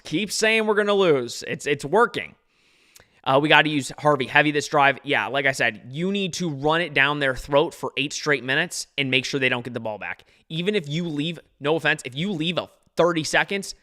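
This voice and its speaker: A young man hosting a live watch-along podcast, reacting anxiously to a football game and answering chat viewers. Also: fairly high pitch. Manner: anxious, excitable, talks to chat readers. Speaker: podcast host.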